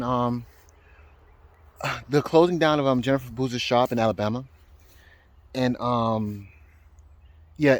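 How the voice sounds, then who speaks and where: Male vlogger, rambling and hesitant, mid-pitched, dry sound. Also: dry recording. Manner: hesitant, many ums and restarts. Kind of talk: rambling casual vlog. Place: outdoors, then indoors at home.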